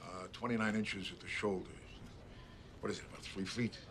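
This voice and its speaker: A man playing a police captain in a family film, briefing his officers in a brisk, matter-of-fact way. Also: fairly low pitch, fairly even intonation, noisy background, close to an everyday voice. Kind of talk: film dialogue.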